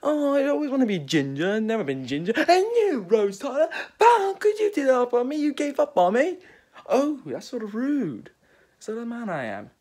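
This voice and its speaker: A man putting on a British accent to play an eccentric, excitable male alien time traveller in an amateur scene impression. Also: husky, exaggerated voice. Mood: indignant. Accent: British, put on. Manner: excitable, rapid-fire, jumps between high and low.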